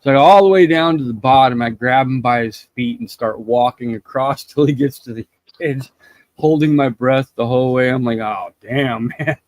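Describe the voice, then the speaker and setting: Man telling an animated story. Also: mid-range voice, a little fast, no room sound. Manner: animated storyteller, acts out quotes. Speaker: host. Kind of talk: casual livestream storytelling.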